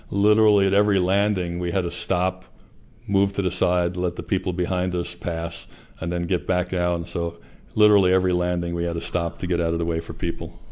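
Very deep-voiced man recalling events. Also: darkish tone, clean tone. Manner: measured, reflective storytelling. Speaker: interviewee. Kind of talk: recounting personal experience in an interview.

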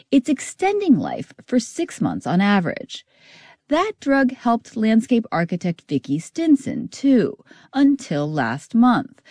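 A woman reads a scripted radio news report, her pitch moving freely up and down. Her tone is mellow, and her measured, expressive reading is recorded dry and close. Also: no echo.

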